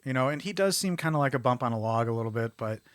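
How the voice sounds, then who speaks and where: A man's voice: medium pitch, no room sound. Male podcast co-host, mid-range voice, chatty, acts out lines in passing, dry close sound. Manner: animated, acts out characters' lines in quick impressions. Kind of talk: casual film discussion.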